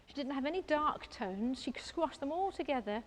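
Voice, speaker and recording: A woman's voice: sits high, lively intonation, normal speed, slight background noise. A woman artist giving a live painting demonstration in an exhibition space, chatting enthusiastically and thinking aloud as she paints.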